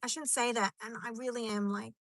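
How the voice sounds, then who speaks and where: A woman's voice: fairly high pitch, fairly even intonation, fairly quick, a bit bright, dry recording. A woman chatting on a live stream from her car in a rambling, chatty way, answering comments as they come in. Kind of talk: casual live stream chat.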